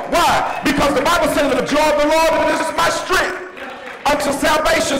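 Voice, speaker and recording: High-voiced man preaching in an echoey church. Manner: call-and-response preaching, repeated questions, frequent shouting. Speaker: pastor. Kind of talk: preaching a sermon. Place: church sanctuary. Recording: echoey church hall with long reverb.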